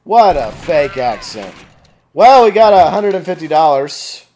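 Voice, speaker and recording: A man commentating his video game play, often frustrated, shouting and swearing. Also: fairly high pitch, very animated, unhurried, a little hiss or hum. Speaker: let's play gamer. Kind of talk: live gameplay commentary. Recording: gameplay with music behind.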